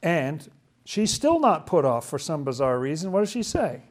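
A man's voice: on the high side, very animated, normal speed. Enthusiastic man leading a Bible study. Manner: enthusiastic, asks questions as he explains. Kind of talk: casual Bible study commentary.

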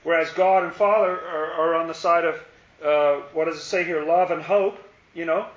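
A man's voice: on the high side, fairly even intonation, normal speed. A man leading an informal Bible study, thinking aloud and asking rhetorical questions. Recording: roomy, dull lo-fi recording.

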